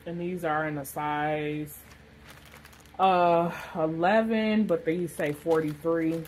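A woman's voice: low voice, fairly even intonation, takes it slowly, a little mellow, a little hiss or hum, low-quality recording. A woman casually chatting through a shopping haul, rambling with lots of fillers. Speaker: vlogger showing a shopping haul. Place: hot room with a fan blowing.

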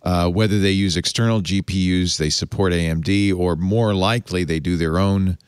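Male talk-show host, low voice, animated and playful, dry close mic. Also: moderate pace, clean tone, dry recording. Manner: animated, playful, fantasizing aloud. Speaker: podcast host. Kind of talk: casual tech panel chat.

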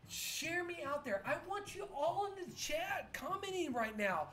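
A woman streamer, drunk and close to tears, talks in a halting, rambling, profane way with many restarts. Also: extremely high pitch, big pitch swings, a bit bright. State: tearful. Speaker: pinball streamer. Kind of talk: emotional live-stream monologue. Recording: echoey room with faint music. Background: faint music.

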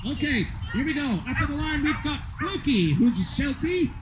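Bloke doing live commentary, very high voice, jokey and rambling, loud outdoor noise with dogs barking. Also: male voice, expressive, normal speed. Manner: joking, rambling, playful. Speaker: event commentator. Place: outdoor agility field.

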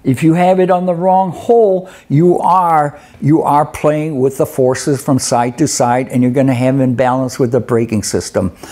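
A middle-aged man teaches a live webinar on truck inspections in a folksy, conversational way. His voice sits a little high for a man, yet its tone is mellow. He keeps checking in with his listeners with "okay?" and "eh?". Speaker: instructor.

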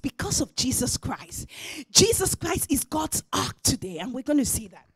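High, animated woman preacher. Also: a little slow, no echo. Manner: swings from shouting to near-whispers. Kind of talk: sermon. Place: church.

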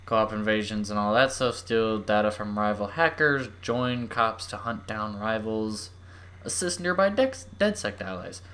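Gushing over the game, this young adult YouTuber gives excitable let's-play commentary that veers from squeals down to murmurs. The delivery is unhurried, in a mid-range voice.

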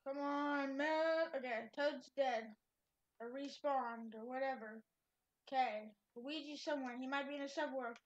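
A woman's voice: high voice, unhurried, lo-fi sound. A woman giving playful, chatty gameplay commentary, talking to herself with sudden exclamations. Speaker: gamer.

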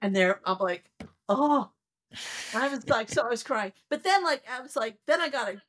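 A woman in her sixties, a planetary astronomer telling stories in a conversational interview, animated and acting out her excited reactions. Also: on the high side, a little fast, a little hiss or hum. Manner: animated storyteller who acts out her own excited reactions.

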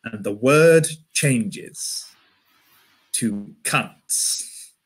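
A man's voice: medium pitch, lively intonation, extremely slow, slight background noise. A man with a Yorkshire accent doing a wry stand-up comedy set from home, often restarting his phrases.

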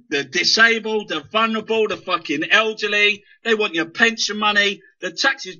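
A guest launches into an impassioned political rant, swearing heavily and tripping over repeated words. His voice sits high, bright and forceful, heard through dull lo-fi internet radio audio.

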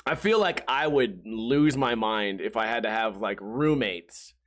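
A man's voice: fairly low pitch, lively intonation, unhurried, fairly bright tone. A man hosting a podcast alone, rambling and joking, often trailing off with "like". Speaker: podcast host. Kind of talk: casual solo podcast rant.

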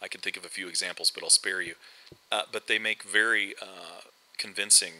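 Man, middle-aged, very bright sharp tone, casual rambling commentary, desk mic. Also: sits low, steady tone, brisk, low-quality recording. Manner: rambling, with many fillers and restarts. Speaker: host.

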